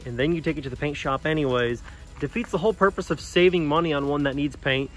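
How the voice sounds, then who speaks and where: A man casually talking about his pickup truck, animated and slangy, addressing his viewers directly. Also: a little high, quick pace. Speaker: truck vlogger. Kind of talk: casual vlog talk.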